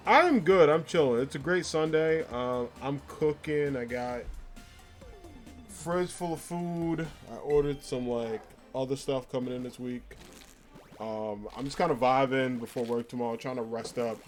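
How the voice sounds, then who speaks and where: A man's voice: mid-range voice, unhurried. A man streaming a video game, chatting casually with his viewers, rambling with lots of fillers and frequent laughs while he answers their comments. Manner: reads viewer comments aloud and answers them. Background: faint game music.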